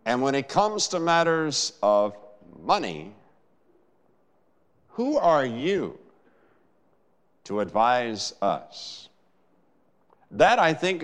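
A man preaching a sermon in a measured, emphatic way, with dramatic pauses. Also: fairly high pitch, fairly bright tone. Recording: long hall reverb.

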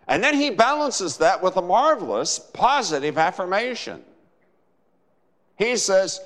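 Male preacher, slow and deliberate, lively rising and falling delivery, long church reverb. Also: high-pitched. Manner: measured, emphatic preaching with dramatic pauses. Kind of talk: sermon.

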